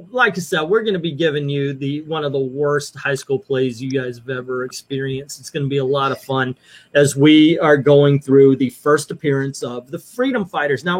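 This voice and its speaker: Guy hosting a comic reading stream, bit high voice, jokey, lots of ums and laughs. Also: a bit bright. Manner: jokey, laughs often, rambling with fillers. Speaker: host of a comic book read-along stream. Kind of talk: casual livestream chat.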